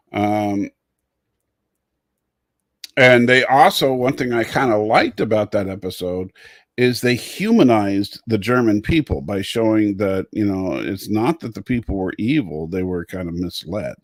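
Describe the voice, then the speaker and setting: Low-voiced man hosting a rambling chat. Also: animated, measured pace, no room sound, studio quality. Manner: rambling, repeats words, reads viewer comments. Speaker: show host. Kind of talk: casual livestream chat.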